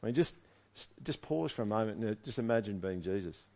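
Animated male preacher. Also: on the low side, brisk. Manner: animated, conversational, swings from loud asides to quiet reading. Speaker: pastor. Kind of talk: sermon reading and commenting on scripture.

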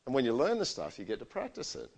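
A middle-aged man, preaching a sermon and telling stories in a conversational, animated way. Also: mid-range voice, fast talker, creaky.

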